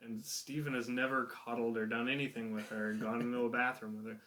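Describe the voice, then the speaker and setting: A man's voice: medium pitch, flat delivery, fairly quick, sharp tone. Man co-hosting a casual podcast. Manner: conversational, analytical comments and questions. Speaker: podcast co-host.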